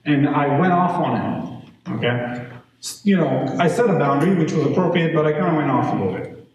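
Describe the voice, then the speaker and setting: A man's voice: fairly high pitch, brisk, lo-fi sound. A man giving a conversational parenting talk to a live audience, telling stories and checking in with listeners. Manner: conversational, animated storytelling with audience check-ins. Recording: echoey room, distant mic, faint noise.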